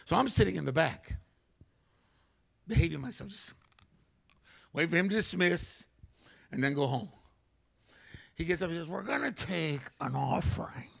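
A man preaching a humorous storytelling sermon in a church, animated and comic, acting out voices. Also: fairly high pitch, normal speed, vocal fry, long pauses. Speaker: guest preacher. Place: church sanctuary.

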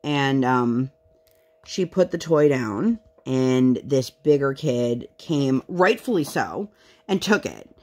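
A woman's voice: rumbling low, lively intonation, slow, mellow. A woman in her thirties chatting casually at home while she works on a craft project, telling candid stories and now and then putting on voices when she quotes people. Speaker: craft vlogger.

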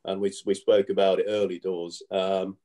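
A man in his fifties recounting his past in a relaxed interview, his voice low and warm in tone. He rambles, circles back and fills gaps with "you know" as he goes. He grew up in England. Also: moderate pace. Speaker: guest, former cricketer. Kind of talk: casual storytelling interview.

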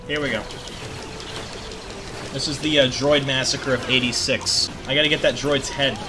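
A young man giving excitable, profane commentary over his gameplay, often yelling at the game. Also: medium pitch, moderate pace. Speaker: gaming video creator. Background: game music.

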